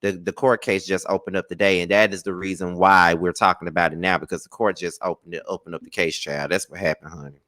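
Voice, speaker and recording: A man hosting a live celebrity gossip chat, sassy and animated, scolding with sudden high exclaims and drawling "child" and "honey". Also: quick pace, hardly any pauses, no room sound. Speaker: gossip show host.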